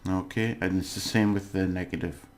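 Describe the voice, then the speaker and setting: Sitting low in pitch with a steady tone, a man teaches a casual recorded language lesson. He's patient, frequently checks in with the listener, and pauses on "uh" along the way.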